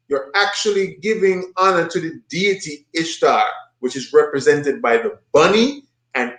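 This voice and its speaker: A man leads a bible study and talks over a video in a forceful, preaching way. His voice sits fairly high and jumps up when he mocks what he has heard. The recording rings with the echo of a room. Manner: emphatic, mocking, repeats points with rising pitch. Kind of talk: preaching commentary on a played video.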